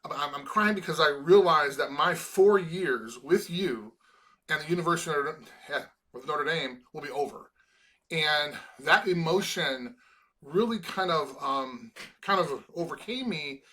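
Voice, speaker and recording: A man's voice: a little high, bright, forceful tone. A middle-aged man from Chicago, a former college football player, talking earnestly in an interview and often restarting his sentences. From Chicago, USA. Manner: earnest, halting with many restarts. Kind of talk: emotional interview conversation.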